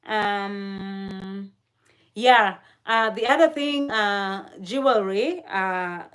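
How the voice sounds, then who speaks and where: A woman chatting on a livestream in an unhurried, easygoing way. Her pitch sits in an ordinary middle range, and she laughs often and leans on lots of fillers while talking to the viewers in the chat. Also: a bit bright. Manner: talks to chat viewers directly. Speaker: livestream host.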